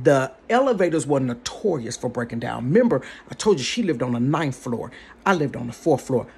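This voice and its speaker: A woman telling a story in a casual storytime vlog from her bedroom, animated and chatty, talking straight to her viewers. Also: deep voice, gravelly, slightly rough. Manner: animated, chatty, addresses the audience directly.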